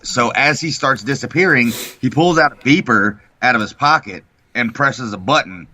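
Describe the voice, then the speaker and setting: A man co-hosting a casual morning talk show, retelling a story with heavy swearing and lively energy. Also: medium pitch, moderate pace, no room sound. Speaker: co-host. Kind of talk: profane casual chat. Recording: dull lo-fi sound.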